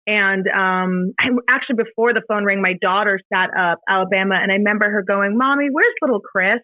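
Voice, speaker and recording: A middle-aged woman, a podcast guest, retelling a painful personal story in a halting, emotional way, with many fillers and restarts. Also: mid-range voice, flat delivery, dry recording. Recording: dry, tinny phone-like sound.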